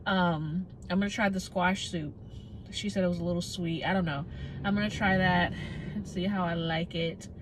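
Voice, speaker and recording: A woman's voice: fairly low pitch, fairly even intonation, normal speed, background noise. A young pregnant woman, chatting casually to her vlog camera, rambling and out of breath. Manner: chatty, rambling, laughs often. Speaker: vlogger.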